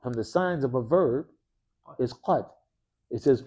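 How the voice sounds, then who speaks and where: A man's voice: medium pitch, expressive, measured pace, a little mellow, husky, highs cut off. A man teaching an Arabic grammar class in a mosque classroom. He speaks with energy, keeps quizzing his students with "what?" prompts and drops casual slang.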